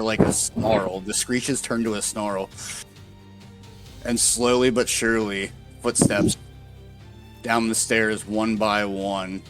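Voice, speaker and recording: A man narrating as dungeon master, unhurried and hesitant with many pauses and fillers. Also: fairly low pitch, fairly bright tone. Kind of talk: narrating a tabletop game.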